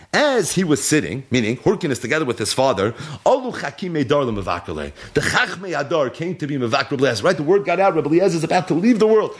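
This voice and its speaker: Animated male Talmud teacher. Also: a little high, husky. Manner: reads Aramaic text aloud, then translates it into English; animated storytelling. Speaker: Torah teacher. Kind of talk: Talmud lecture.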